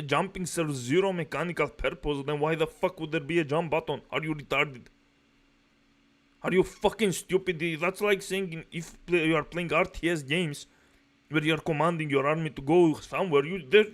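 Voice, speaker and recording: Male reaction commentator, profane and aggressive, mocks everything, slightly high voice. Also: normal speed. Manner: profane, aggressive mocking rants.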